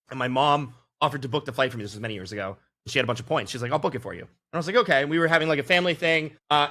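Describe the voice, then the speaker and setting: A man co-hosting a podcast, telling a long story in an animated, filler-heavy way. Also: mid-range voice. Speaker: podcast co-host. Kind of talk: casual storytelling chat.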